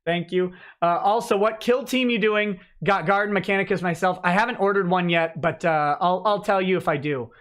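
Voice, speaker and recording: A man hosting a livestream, reading chat questions and giving sarcastic, animated commentary. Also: sits high, normal speed, few pauses.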